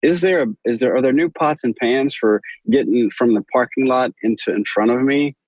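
A man's voice: mid-range voice, normal speed, darkish tone, dry recording. Man, surgeon guest, earnest rambling talk, dry close sound, dull muffled audio. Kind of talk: conversational interview answers.

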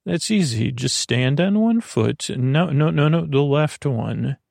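A man voicing a busy female royal physician and sorceress who talks briskly and impatiently, often fumbling for words, in a bedtime story. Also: on the high side, animated, gravelly, darkish tone, no echo, studio quality, heavily acted. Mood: instructing.

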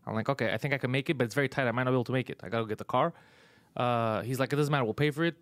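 A man hosts a casual comedy podcast, recounting his mishaps with plenty of swearing and laughter. His voice sits at a medium pitch and is recorded close and dry, with no room sound. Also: rapid-fire, a bit bright, dry recording. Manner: profane, exasperated storytelling with frequent laughs. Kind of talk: casual chat, storytelling.

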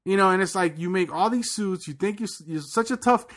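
A man co-hosting a podcast in casual chat, an animated storyteller who laughs often and repeats words as he talks. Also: high-pitched, brisk. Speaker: podcast co-host.

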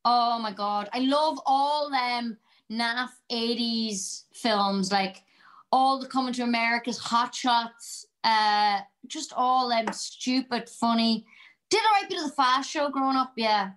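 A woman's voice: fairly high pitch, slow, fairly bright tone, low-quality recording. An Irish woman, an actress being interviewed, talking about comedy in an exuberant, chatty way and telling a long joke. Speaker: guest actress. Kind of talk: casual interview chat.

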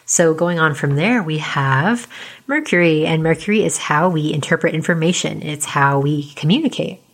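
A woman astrologer in casual explanatory talk, chatty with lots of fillers and tag questions, speaking quietly as she starts to lose her voice. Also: deep voice, moderate pace. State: losing her voice.

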